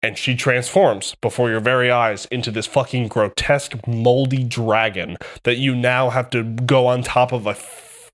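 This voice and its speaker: A man co-hosting a podcast, deep into an excitable, profane retelling of a game. He speaks at a middling pitch and keeps the chat casual. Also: moderate pace. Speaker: podcast co-host.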